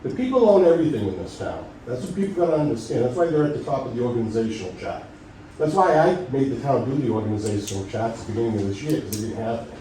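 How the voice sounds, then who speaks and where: A man's voice: medium pitch, sing-song, rapid-fire, dark tone, distant mic, slight background noise. Insistent middle-aged man, echoey meeting room. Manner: insistent, argumentative, lecturing. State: losing his voice. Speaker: resident speaking at public comment. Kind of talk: public meeting remarks.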